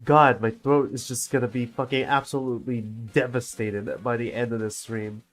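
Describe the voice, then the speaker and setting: Grumbling streamer with a sore throat. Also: male voice, medium pitch, little pitch movement, normal speed, faint music behind. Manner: grumbling, swearing, self-mocking. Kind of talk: profane game-stream commentary.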